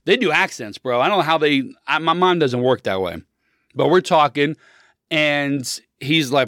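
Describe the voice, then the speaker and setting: A man's voice: a little high, fairly bright tone, no room sound, clean studio sound. A man in his thirties talking politics in a blunt, opinionated, rambling monologue, full of restarts.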